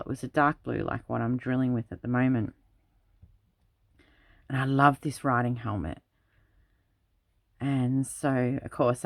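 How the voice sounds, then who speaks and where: A woman's voice: extremely low pitch, dry recording. Chatty woman telling stories, dry sound. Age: adult parent. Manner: rambling anecdotal storytelling. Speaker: craft channel host. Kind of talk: casual chat while crafting.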